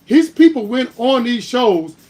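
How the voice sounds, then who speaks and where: Speaking a little slowly in a very high voice with lively intonation, a political livestream host argues hard. He turns heated and argumentative, rising to louder bursts, and keeps repeating "All right?" to drive his points home.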